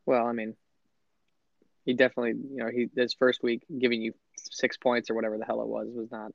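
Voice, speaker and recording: A man co-hosting a casual fantasy football recap, animated and sarcastic, swearing freely. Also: mid-range voice, brisk, gravelly, no echo, lo-fi sound. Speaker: podcast co-host.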